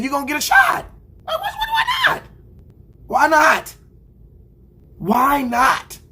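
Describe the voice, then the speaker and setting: A young man on a livestream, ranting about football in a loose, slangy way. His voice sits a touch high for a man. He keeps slipping into little acted-out conversations. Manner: animated, slangy, acts out imagined conversations. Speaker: sports reaction streamer. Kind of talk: casual fan rant.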